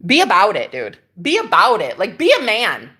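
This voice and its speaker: Sassy, animated woman chatting live. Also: medium pitch, normal speed, breathy edge. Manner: sassy, animated and laughing, talks back to viewers' comments. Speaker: livestream host. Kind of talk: casual spiritual livestream chat. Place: rented room indoors.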